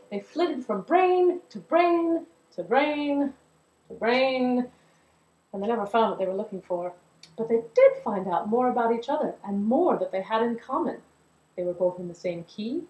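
A woman's voice: mid-range voice, a little mellow. A woman telling a story in a performance, narrating expressively and animatedly. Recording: roomy echo.

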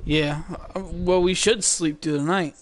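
A young man chatting casually with friends while playing a game, profane and quick to laugh, on a home voice-chat mic. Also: fairly high pitch, fairly even intonation, a little hiss or hum. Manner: profane, laughing, easily startled. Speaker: gamer. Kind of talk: casual multiplayer gaming banter.

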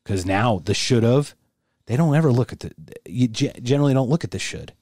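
A man's voice: medium pitch, expressive, fairly quick, a little mellow, dry recording, studio quality. A man co-hosting a podcast in casual conversation, thinking aloud with restarts and emphatic asides. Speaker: podcast co-host.

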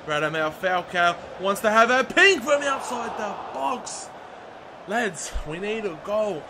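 A young man giving excited, chatty commentary over his own football video game match, shouting at the big moments. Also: high voice, measured pace. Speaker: gaming YouTuber. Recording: audible background noise.

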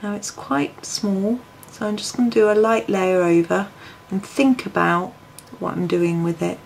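A woman talks through a colouring tutorial, musing aloud and thinking over each choice as she goes. Her voice sits at an ordinary pitch with a gravelly, creaky edge. A faint noise floor hums under the recording. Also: a little slow, darkish tone. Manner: chatty, musing to herself, frequent ums.

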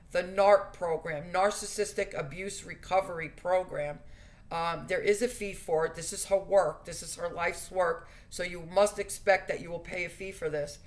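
A woman giving earnest spiritual advice in a monologue, stressing her points by repeating key phrases. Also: lowish voice. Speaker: spiritual vlogger.

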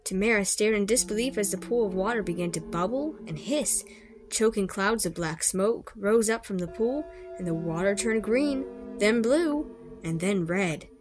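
A woman's voice: medium pitch, lively intonation, normal speed, over music. A woman reading a children's horror story aloud expressively, with small slips and rereads. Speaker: storybook reader.

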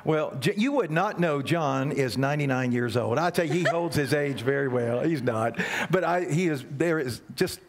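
A man's voice: a little high, normal speed, vocal fry. A man leading a church service as guest pastor, telling a playful children's story and leading the congregation. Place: church sanctuary.

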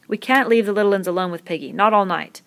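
A woman's voice: mid-range voice, fast talker, gravelly, fairly bright tone. A woman reading aloud, voicing an earnest, worried boy leader with a raised, strained tone. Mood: urgent.

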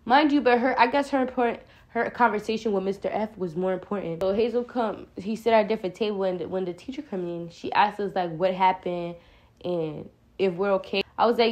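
A young woman vlogger telling a storytime in casual slang, often calling viewers y'all and acting out her own lines. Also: brisk. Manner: animated retelling, acts out her own quoted lines louder and higher.

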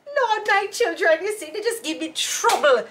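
A woman's voice: very high-pitched, lively intonation, normal speed, fairly bright tone, a little hiss or hum, voice pushed up. A woman voicing a strict churchgoing mother who scolds her children and calls on the Lord. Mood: exasperated.

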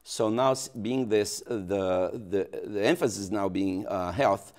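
Very deep-voiced pastor, Portuguese accent. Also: male voice, unhurried, darkish tone. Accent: Brazilian Portuguese. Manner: hesitant, many restarts and fillers. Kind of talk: local TV interview.

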